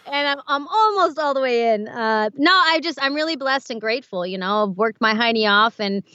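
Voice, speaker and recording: A woman, an audiobook narrator, chatting as a guest in an interview, animated and quick to laugh. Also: on the high side, no echo, muffled recording. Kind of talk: casual interview chat.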